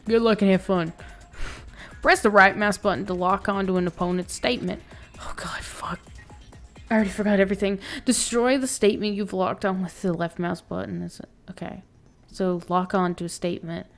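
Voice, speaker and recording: A woman's voice: medium pitch, steady tone, a little fast, soft background music. A woman streaming a game live, laughing, swearing and reading the tutorial text aloud. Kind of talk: live let's play commentary.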